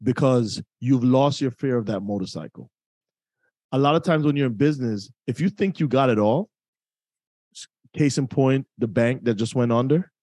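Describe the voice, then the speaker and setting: Mellow-voiced man hosting a podcast. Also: medium pitch, dry recording. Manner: reflective, sums up the guest's points, some restarts. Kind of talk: casual podcast conversation.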